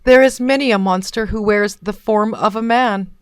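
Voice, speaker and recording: A woman's voice: mid-range voice, moderate pace, no echo, close to an everyday voice. A woman voicing a kind, truthful young woman who speaks earnestly and firmly. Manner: earnest, firm.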